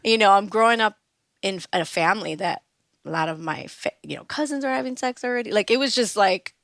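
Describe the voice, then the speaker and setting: A woman's voice: mid-range voice, fairly quick, a bit bright, no echo. A woman, a guest on a podcast, tells a personal story in a conversational way, acting out quoted voices and laughing often.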